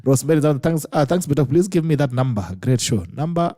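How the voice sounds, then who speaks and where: A man's voice: on the high side, expressive, a little fast, warm tone. A Kenyan man hosting a casual talk show, switching between English and Swahili and laughing often. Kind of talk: casual chat, reading viewer comments.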